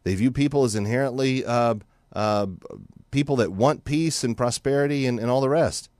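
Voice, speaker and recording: American man, talk radio host, middle pitch, dry studio mic, animated monologue. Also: moderate pace, dry recording. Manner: animated, mocking, acts out other voices. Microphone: studio microphone.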